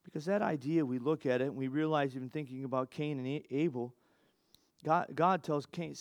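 A man delivers a sermon in a slightly higher voice, talking to the congregation as if in conversation. He breaks off, restarts and throws in asides. The sound is dry and close, with no room around it. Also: a little fast, no echo. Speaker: pastor.

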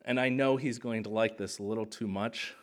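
A man in his thirties, a pastor preaching a sermon in an animated, conversational way. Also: fairly low pitch, fairly quick.

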